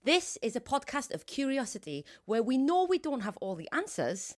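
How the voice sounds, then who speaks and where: A young woman with a Geordie accent co-hosts a podcast in casual chat, talkative, self-mocking and often laughing. Her voice is high, with big pitch swings, at a moderate pace.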